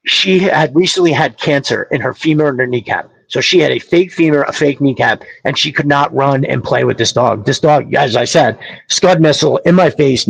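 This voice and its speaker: A man hosting a show, casually telling a long personal story, animated and swearing, acting out what people said. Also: medium pitch, vocal fry, breathy edge, no room sound, low-quality recording. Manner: animated, swearing, acts out quotes. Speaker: podcast host. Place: small studio. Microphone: studio mic.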